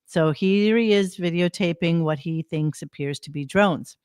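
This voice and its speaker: A woman's voice: on the low side, normal speed, darkish tone, clear, resonant tone, no echo, studio quality. A woman co-hosting a casual commentary podcast, blunt and exasperated, swearing freely. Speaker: podcast co-host.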